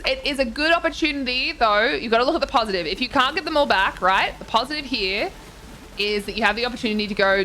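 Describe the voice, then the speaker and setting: A woman's voice: fairly high pitch, quick pace, bright, forceful tone, slight background noise. A young woman streaming a game, chatting casually, reading chat aloud and reacting with gasps and swearing. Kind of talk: casual live-stream chat while touring game houses.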